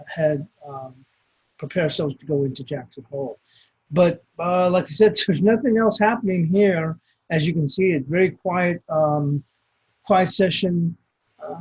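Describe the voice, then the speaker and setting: A man's voice: a little high, a little mellow, breathy edge, rough recording. A man hosting a trading webinar, giving loose, rambling market commentary over a shared screen with many fillers and restarts.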